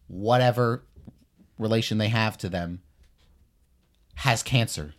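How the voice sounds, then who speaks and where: A man's voice: lowish voice, takes it slowly, pauses often. A man from Canada co-hosting a casual podcast, talking in a blunt, profane and emphatic way. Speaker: podcast co-host.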